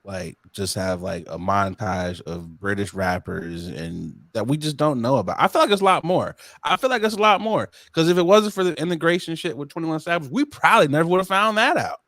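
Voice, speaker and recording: A man co-hosting a podcast, telling stories in an animated, incredulous casual chat. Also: a little high, fairly quick, few pauses, no room sound. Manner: animated, incredulous storytelling with laughs. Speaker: podcast co-host.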